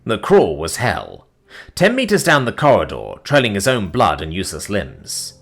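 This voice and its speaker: Expressive male story narrator. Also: lowish voice, moderate pace, vocal fry, slightly rough. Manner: dramatic, expressive.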